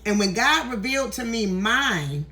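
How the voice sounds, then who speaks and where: A tarot content creator walks a hallway indoors, speaking into her phone in a fairly high, bright, forceful voice, animated but a little slow. Close to tears, she keeps pushing through the emotion in an emphatic, preachy monologue, swearing freely.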